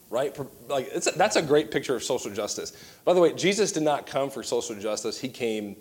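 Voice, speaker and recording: A man in his thirties, a youth pastor, preaching a sermon with animated, joking asides. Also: medium pitch.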